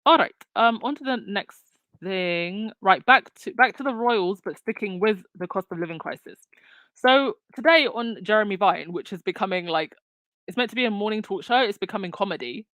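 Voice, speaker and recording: A woman's voice: medium pitch, expressive, normal speed, a bit bright, no echo. A woman hosting her own commentary channel, talking casually with lots of fillers and restarts. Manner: chatty, many fillers and restarts. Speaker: channel host.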